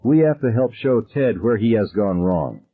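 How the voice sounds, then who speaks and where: A man's voice: lowish voice, lively intonation, normal speed, husky, phone-quality sound, voice pushed up. Man doing a prim, polite teenage girl. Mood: earnest. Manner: careful and polite. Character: sweet, proper teenage girl.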